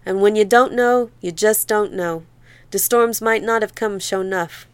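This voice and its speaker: This is a woman voicing a worn-out young woman in a storybook. She speaks in a soft rural Southern drawl, tired but reassuring. The voice is smooth and dry, close to the mic. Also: mid-range voice, moderate pace, no echo, natural voice. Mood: soothing.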